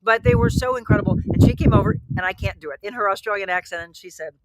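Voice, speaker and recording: A chatty woman hosts a casual wine show, telling lively stories in an easygoing way. Her voice sits at an ordinary middle pitch. A clear hiss of background noise runs under the recording. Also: fast. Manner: chatty, animated storyteller. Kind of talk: casual chat. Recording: noisy home recording.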